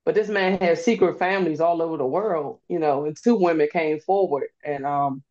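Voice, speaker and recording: Animated slangy young woman, lo-fi sound. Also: low-pitched, normal speed. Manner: animated storyteller, slangy, laughs often. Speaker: guest, host's niece. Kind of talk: casual podcast chat. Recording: dull lo-fi recording.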